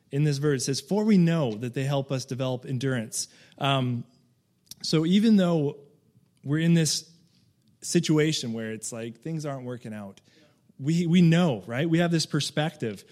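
A man's voice: fairly high pitch, expressive, normal speed, darkish tone. Chatty man giving a casual sermon. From Canada. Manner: conversational, loose and chatty with frequent fillers.

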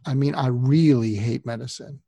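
A man doing a gruff curmudgeonly film star. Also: mid-range voice, fairly even intonation, normal speed, warm tone, no room sound. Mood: grudging. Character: gruff curmudgeonly middle-aged man, a well-known film actor.

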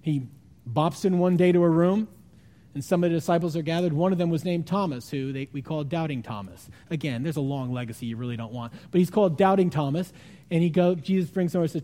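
Man preacher, high and mellow voice; animated storyteller who acts out the voices and drops to hushed asides. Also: quick pace. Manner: animated storytelling with acted-out voices, jumps between loud and hushed. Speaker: pastor. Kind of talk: sermon.

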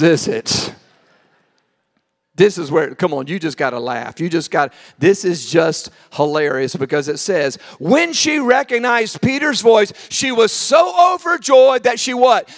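A man preaching a sermon, telling the story with animated acted-out voices, swinging from shouts to quiet asides. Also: measured pace, long reverb tail. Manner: animated storytelling, acting out voices, shouting then dropping low. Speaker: pastor.

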